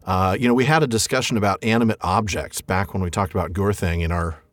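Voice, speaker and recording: A man's voice: sits low, fast talker, no room sound. A man hosting a podcast, chatting casually, laughing often, and reading passages aloud. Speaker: podcast host.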